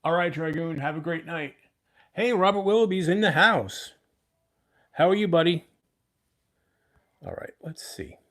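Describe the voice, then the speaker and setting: A man's voice: a little high, a little slow, pauses often, fairly bright tone. A man in his fifties hosting a casual livestream, rambling and chatting with viewers. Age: 50s. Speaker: livestream host.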